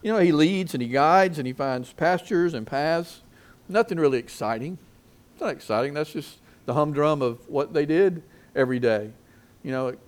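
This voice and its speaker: Man preaching with rising emphasis. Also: fairly high pitch. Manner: preaching with call-and-response questions; lively swings in loudness for emphasis. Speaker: pastor. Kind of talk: sermon.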